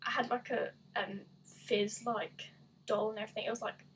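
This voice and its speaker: A woman's voice: mid-range voice, little pitch movement, normal speed, a bit bright, a little hiss or hum, low-quality recording. An eighteen-year-old woman chatting casually while doing an online quiz, rambling and self-deprecating with lots of "like". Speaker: gaming YouTuber.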